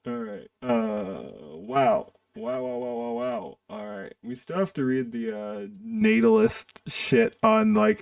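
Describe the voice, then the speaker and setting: A man's voice: on the high side, gravelly, a little mellow, dry recording, distant mic. A man streaming live, ranting in a profane, exasperated way while reacting to videos. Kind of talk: casual stream commentary.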